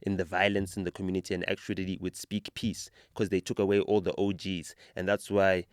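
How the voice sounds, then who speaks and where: This casual podcast features a South African-accented host whose impassioned talk builds into animated storytelling. He sits low in pitch and talks fairly quickly, and the studio-quality audio is clean with no echo.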